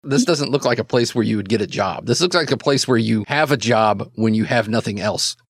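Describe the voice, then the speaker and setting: A man's voice: on the low side, brisk, no echo, clean studio sound. Grumbling male street runner, a man voicing him for a tabletop game. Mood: skeptical. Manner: grumbling, blunt.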